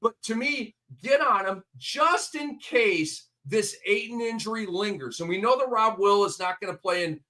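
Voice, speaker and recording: A man hosting a late-night fantasy basketball talk show, talking in an energetic, emphatic, ranting way. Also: high voice, moderate pace, few pauses. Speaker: host.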